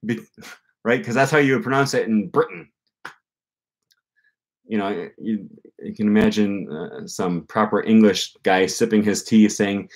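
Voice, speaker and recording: A man's voice: lowish voice, measured pace, long pauses. A man hosting a casual language-learning livestream, reading viewer comments and rambling with frequent restarts. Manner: rambling, self-correcting, with frequent fillers and restarts.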